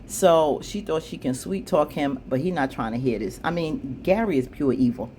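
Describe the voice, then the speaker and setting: A woman casually recapping a TV episode, chatty, with plenty of asides, acting out the characters' lines with jumps in pitch. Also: expressive, normal speed, warm tone, a little hiss or hum. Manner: chatty, frequent fillers and asides. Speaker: TV show recap vlogger.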